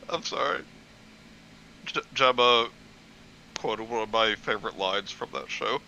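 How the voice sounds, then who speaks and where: A young man joking around with a friend, mocking and animated in casual comedic banter. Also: mid-range voice, slow pace, muffled recording, slight background noise. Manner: animated, mocking, does funny voices. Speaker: co-host friend reacting.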